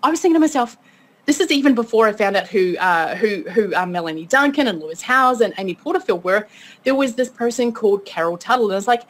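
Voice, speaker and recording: A woman's voice: fairly high pitch, very animated, brisk. A woman teaching an online course webinar, upbeat and chatty, often checking in with her listeners. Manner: upbeat, chatty, keeps asking okay. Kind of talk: motivational webinar talk.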